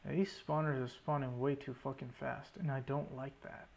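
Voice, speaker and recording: A man's voice: medium pitch, flat delivery, normal speed, vocal fry, a little mellow, a little hiss or hum. A young man giving running commentary over his own gameplay, swearing often and talking to himself in exasperation. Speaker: gaming YouTuber.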